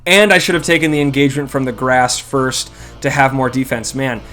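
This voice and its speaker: A man's voice: medium pitch, fairly even intonation, a little fast, bright, forceful tone, faint music behind. Chatty, self-critical man commentating a game. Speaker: gameplay commentator. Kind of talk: casual strategy game commentary.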